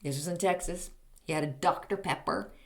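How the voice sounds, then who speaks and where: A woman's voice: sits low, fairly quick, a little mellow. A woman in her fifties, a podcast host, telling a comedic story in a snarky, exasperated way.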